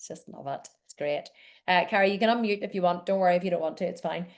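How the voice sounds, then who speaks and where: A woman's voice: lowish voice, fast talker. A woman in her forties hosting a live Q&A call, chatting in a rambling, encouraging way. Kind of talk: casual chat.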